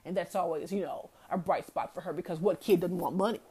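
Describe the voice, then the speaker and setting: A woman's voice: on the low side, fairly even intonation, fast talker, few pauses, mellow, husky. A woman hosting a casual motivational talk. She speaks earnestly and repeats key phrases for emphasis. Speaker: host of a talk series.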